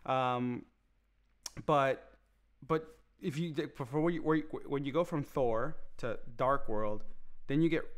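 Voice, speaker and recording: A man co-hosting a casual movie review podcast, rambling with many restarts and getting animated. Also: mid-range voice, unhurried, smooth. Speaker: podcast co-host.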